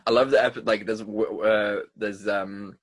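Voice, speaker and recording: A young man co-hosting a casual movie podcast, excitable, swearing often and laughing a lot. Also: lowish voice, normal speed, no room sound. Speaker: podcast co-host. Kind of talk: casual chat.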